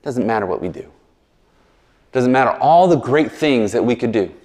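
Chatty preacher in a big reverberant hall. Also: male voice, medium pitch, animated, normal speed, a little mellow. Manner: chatty, verbose, digressing with asides and jokes. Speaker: pastor. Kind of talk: sermon. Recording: long reverb in a large hall.

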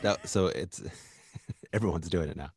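A woman chatting casually with a friend, laid back and chuckling through quick asides. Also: very deep voice, darkish tone, slightly rough. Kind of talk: casual chat.

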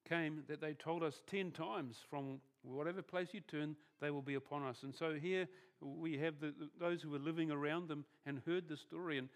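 A man preaches as pastor at normal speed with few pauses, his voice fairly high and intonation fairly even. The sermon feels conversational; he restarts phrases often and lets the ends of thoughts drift softer.

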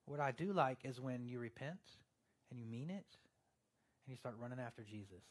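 A man's voice: mid-range voice, animated, brisk. A male pastor preaching a sermon in a conversational way, turning earnest and emphatic, with joking asides to the congregation.

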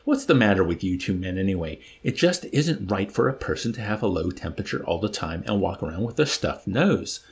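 A man voicing a fretful, self-pitying army doctor who complains in a shrill, whiny way. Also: very animated, a little fast, few pauses. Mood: alarmed whining.

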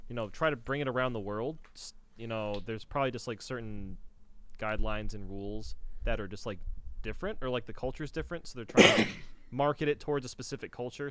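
A man's voice: medium pitch, sharp tone, slight background noise. A man from the United States chatting casually on a podcast, rambling and slurring words now and then. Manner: rambling, says he slurs words. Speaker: podcast guest. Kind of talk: casual chat.

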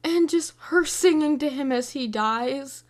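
A woman's voice: sits high, a little slow. A young woman hosting a podcast, rambling through a casual film review with constant fillers and restarts. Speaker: podcast host.

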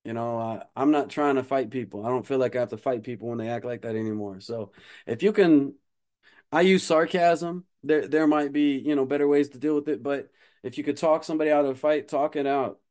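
Man, smooth clear voice, rambling podcast host, lots of "you know", casual joking tone. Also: mid-range voice, brisk, darkish tone. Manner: rambling, many fillers, joking. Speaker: podcast host, martial arts instructor.

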